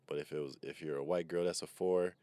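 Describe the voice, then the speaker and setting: A man's voice: low-pitched, fairly even intonation, fast talker, mellow, no room sound. A comedian, rambling through a profane, wisecracking monologue into a microphone while sitting in his car. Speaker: comedian and podcast host. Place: parked car.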